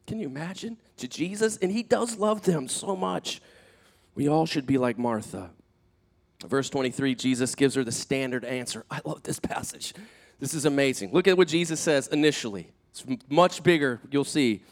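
A man preaching a sermon as pastor, animated and conversational, acting out quoted speakers, swinging between loud emphatic peaks and soft, hushed asides. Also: mid-range voice, a little fast. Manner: conversational, with fillers and restarts.

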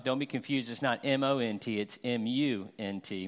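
Animated middle-aged male preacher. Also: medium pitch, a little fast, few pauses. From Florida. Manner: conversational, self-deprecating humor with animated examples. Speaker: guest pastor. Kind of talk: sermon.

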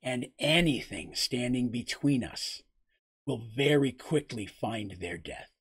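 Dude voicing a young warrior, blunt and protective, husky tone. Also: male voice, mid-range voice, animated, takes it slowly, exaggerated voice. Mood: menacing. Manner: blunt and forceful. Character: young male warrior, intense, protective, threatening.

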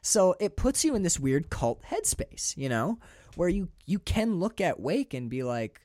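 A man co-hosting a podcast, talking through a film in a casual, animated, profane way. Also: high voice, measured pace, no room sound, studio quality. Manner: animated, profane, restarts often. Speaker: podcast co-host.

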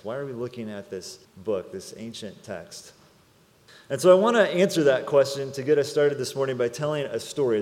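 A man delivers a sermon in an easy, conversational tone, moving from announcements to a story and a prayer. His middle-pitched voice fills a church with a long, trailing reverb. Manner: relaxed, conversational preaching. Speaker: preacher. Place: church sanctuary.

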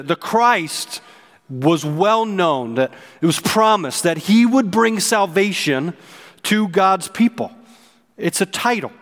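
A man's voice: sits high, big-room sound. A man preaching a sermon in an earnest, emphatic way, with frequent fillers and restarts. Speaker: pastor.

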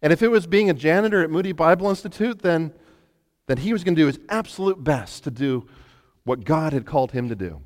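A man preaching a sermon as pastor, telling a story with halting starts and repeated words. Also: on the high side, animated. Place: church sanctuary. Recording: long hall reverb.

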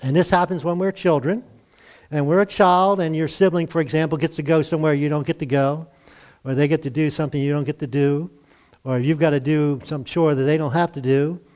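A man's voice: fairly high pitch, fairly even intonation, a little fast, darkish tone. An older man, a pastor, preaching a conversational sermon to a congregation and asking them to respond. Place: church service.

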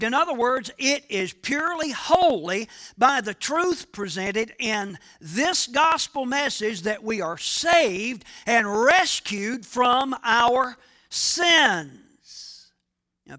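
A man's voice: very high voice, sing-song, takes it slowly, bright, forceful tone. A male pastor preaching a sermon, speaking emphatically and asking his congregation questions.

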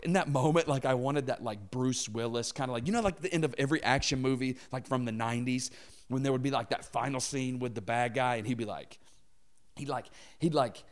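A man in his thirties preaching, telling a comic personal story and acting out the quotes in funny voices. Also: mid-range voice. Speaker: pastor. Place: church auditorium.

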